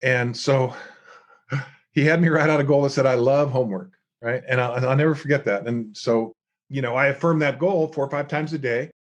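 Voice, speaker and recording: A middle-aged man, a guest author and speaker, telling lively stories in an interview and acting out the people he quotes. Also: medium pitch, normal speed. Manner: animated storyteller acting out quoted voices. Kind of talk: storytelling interview chat.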